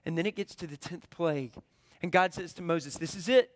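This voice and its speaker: A man's voice: fairly high pitch, steady tone, brisk, a bit bright, dry recording. A man preaching a sermon, retelling a scripture story with drama and voicing its characters.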